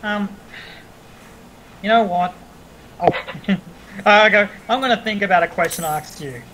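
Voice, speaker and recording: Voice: mid-range voice, unhurried, a bit bright, low-quality recording. Tabletop player with a hesitant, stop-start way of talking, thinking aloud. Faint background noise. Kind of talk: tabletop game chat.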